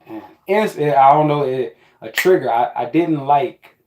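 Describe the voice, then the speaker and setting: A man's voice: medium pitch, unhurried, roomy sound, slight background noise. A man telling a rambling, profane personal story in a casual spiritual monologue. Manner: profane, rambling, animated with quoted asides.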